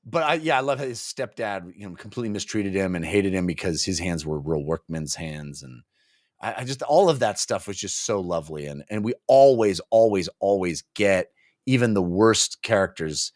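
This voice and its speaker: A man's voice: deep voice, moderate pace, no echo, studio quality. A man co-hosting a casual book discussion podcast, retelling scenes animatedly and putting on silly voices for characters. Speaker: podcast co-host.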